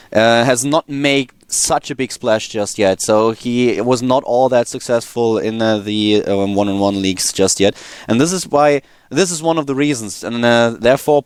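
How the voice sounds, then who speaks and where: A man gives play-by-play on a live video game match in a mid-range voice. He talks in a measured way with fillers, and the studio sound is dry and close. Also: mid-range voice, clean tone, no room sound. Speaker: esports caster. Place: broadcast studio.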